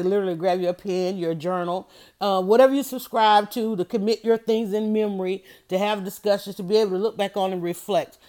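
Speaking in a mid-range voice, a middle-aged livestream host delivers motivational talk in an animated, preachy style. She keeps urging her audience to write things down.

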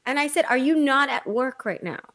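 A woman on a casual podcast chat, blunt and profane, telling animated stories about her employees. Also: high voice, a little fast. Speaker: podcast co-host, salon owner.

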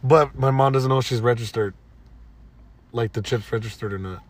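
A man's voice: medium pitch, moderate pace. A man co-hosting a podcast in casual chat, laid-back and blunt, with plenty of slang. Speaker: podcast co-host.

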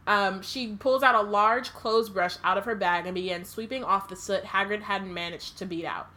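A woman with a bright, clear voice co-hosts a casual book podcast. She reads passages aloud, peppering them with ums and quick asides, and laughs easily with her co-host. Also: medium pitch.

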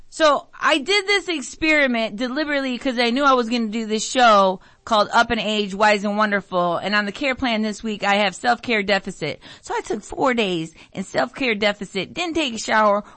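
A middle-aged American woman hosting a talk radio show, rambling through a story, mimicking family members, and sniffling from allergies. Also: dry recording. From United States. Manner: animated storytelling, mimics family voices, jumps pitch for emphasis. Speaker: radio show host, nurse.

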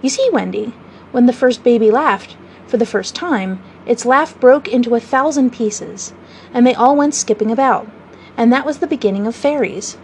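A woman's voice: a little high, normal speed, a little mellow, slight background noise, natural voice. A woman reading aloud as a passionate, boastful boy who never wants to grow up. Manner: passionate, cocky, boyish.

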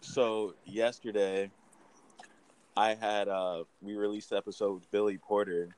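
A man hosting a podcast in a relaxed, casual way, with slang like "bro" and "man.". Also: lowish voice, measured pace, clean tone. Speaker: podcast host. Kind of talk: casual conversation.

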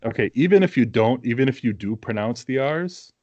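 A man's voice: medium pitch, expressive, brisk, darkish tone, dry recording, muffled recording. A man with a New England accent, co-hosting a casual podcast chat in a blunt, teasing way and swearing freely. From Massachusetts, New England. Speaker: podcast co-host.

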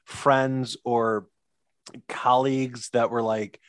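A woman co-hosting a podcast, asking blunt and jokey questions and making quick interjections in casual chat. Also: very deep voice, level tone. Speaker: podcast co-host.

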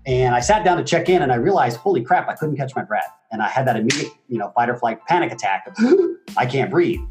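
A man in his forties, a guest telling stories in an emphatic, animated way. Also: mid-range voice, fast talker, faint music behind. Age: 40s. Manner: animated, emphatic storytelling with swings in energy. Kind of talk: motivational interview talk.

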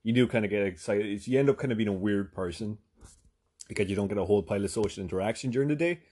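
A man's voice: lowish voice, rapid-fire, darkish tone, slightly rough. A man telling a long casual anecdote, rambling and swearing with lots of fillers. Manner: rambling, profane, full of fillers. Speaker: storyteller.

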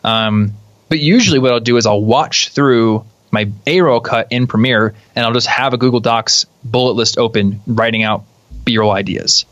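A young man, a guest on a podcast, explaining his video workflow in a casual, animated way and laughing easily. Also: medium pitch, moderate pace, no room sound. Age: young adult. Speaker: guest, YouTube creator. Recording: slightly dull, dry sound.

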